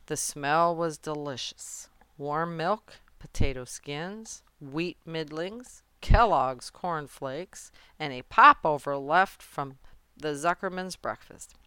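A woman narrating a children's storybook in a gentle, measured way. Her voice sits low and moves slowly, very clear and smooth. Dry, close recording. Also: no echo. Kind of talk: children's book read-aloud.

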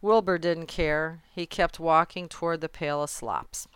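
Woman narrator, children's book read-aloud, low voice, slow measured pace, very clear, dry close sound. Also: fairly even intonation, no room sound. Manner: gentle, measured storytelling. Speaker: storybook narrator.

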